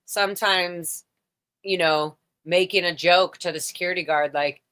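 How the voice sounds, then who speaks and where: A woman's voice: lowish voice, steady tone, moderate pace, fairly bright tone. A woman hosting a casual video chat, rambling and chatty with many fillers and restarts. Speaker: livestream host. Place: home, on a video call.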